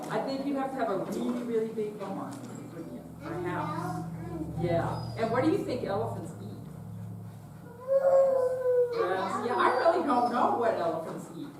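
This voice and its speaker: A woman leading a children's message in church, gently asking the children questions. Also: fairly high pitch, very animated, normal speed. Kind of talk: children's sermon. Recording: echoey room, far from mic, noisy.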